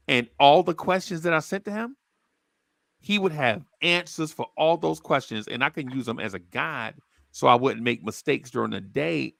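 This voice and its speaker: A man's voice: on the high side, vocal fry, dry recording. A man hosting a casual sports podcast, telling stories and acting out the people in them. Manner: animated storyteller, acts out quotes. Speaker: podcast host.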